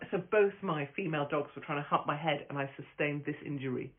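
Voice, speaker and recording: Her deep voice races along with hardly a pause as this comedian hosts a casual live stream from her phone. She's brash, profane, rambling through stories and laughing a lot, and the phone-quality audio is tinny.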